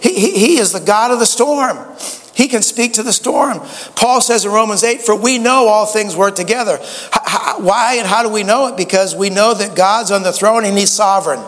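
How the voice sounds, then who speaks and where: A man's voice: high-pitched, moderate pace, fairly bright tone, long reverb tail. A man preaching a sermon, a folksy storyteller who often stammers and restarts his sentences. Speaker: pastor.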